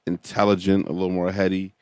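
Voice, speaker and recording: A young man with a very low voice hosts a podcast in loose, casual chat, peppering his talk with fillers. The sound is dry and close. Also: level tone, quick pace, darkish tone, clean tone, dry recording. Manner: laid-back, many fillers like "you know what I'm saying". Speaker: podcast host.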